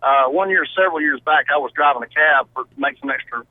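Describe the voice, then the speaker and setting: A man's voice: a little high, quick pace, no echo. A man with a Southern American accent, calling in to a radio show and telling a rambling, friendly story. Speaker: caller. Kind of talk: casual phone-in story. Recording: tinny phone line.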